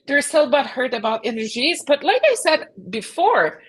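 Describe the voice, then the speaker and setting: A woman's voice: high voice, animated, fairly bright tone, low-quality recording. A woman co-hosting a casual political podcast, talking in emphatic, opinionated bursts. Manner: emphatic, opinionated, quick outbursts.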